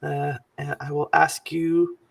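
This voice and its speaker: A man running a tabletop game as game master, talking in an animated, halting way with many fillers. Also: a little high, creaky, dry recording, distant mic.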